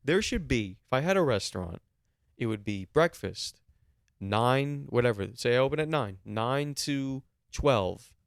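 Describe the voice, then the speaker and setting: A man's voice: mid-range voice, animated, a little slow, gravelly, smooth, dry recording, clean studio sound. A man co-hosting a podcast, telling a story in a casual, exasperated way and swearing freely. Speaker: podcast co-host.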